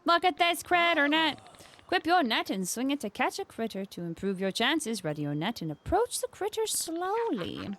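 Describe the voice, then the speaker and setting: Woman doing cheery beekeeper lady, put-on minnesotan accent, pinched folksy voice, lively pitch. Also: normal speed, a little hiss or hum. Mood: welcoming. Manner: friendly, folksy, slightly pinched voice. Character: cheerful island beekeeper woman, chatty and welcoming.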